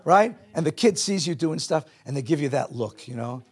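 Husky-voiced man teaching a lively class. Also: a little high, moderate pace. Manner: animated, questions the audience, drops Hebrew and Yiddish words. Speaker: teacher of a Jewish text class. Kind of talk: lively teaching to a live audience.

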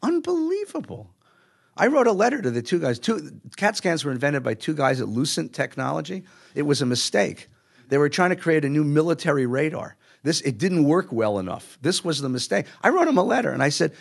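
A man's voice: medium pitch, fairly quick, vocal fry, breathy edge. A middle-aged man, a rabbi, telling stories in a sermon and acting out the people in them. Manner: animated storyteller acting out voices. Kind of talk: storytelling sermon.

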